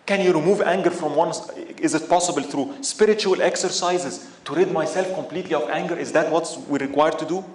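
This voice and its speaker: Storytelling preacher in an echoey room. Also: male voice, a little high, brisk, few pauses, darkish tone. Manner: storytelling with rhetorical questions. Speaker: sheikh. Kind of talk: sermon. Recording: echoey room with faint ambience.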